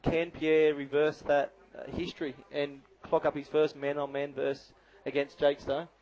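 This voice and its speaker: A man's voice: fairly high pitch, flat delivery, a little slow, a little mellow, muffled recording. A man giving live color commentary on a bodyboarding contest, chatty and analytical with lots of "you know".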